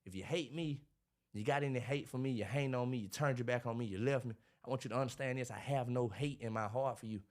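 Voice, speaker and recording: Fast-talking man, animated preachy storyteller. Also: medium pitch. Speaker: podcast guest, motivational speaker. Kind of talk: casual interview talk.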